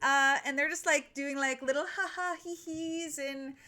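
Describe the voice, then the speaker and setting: A woman's voice: high-pitched, fairly even intonation, measured pace, bright, forceful tone. A young woman co-hosting a podcast, recapping a book in casual, jokey chat and acting out characters in silly voices. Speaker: podcast co-host.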